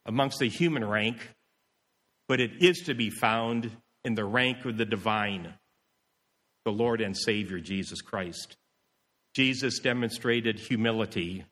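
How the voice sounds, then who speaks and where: A man's voice: fairly low pitch, a little slow, fairly bright tone. Male pastor, emphatic sermon delivery, repeats his points, long hall reverb. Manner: emphatic, repeats key phrases, acts out quoted voices.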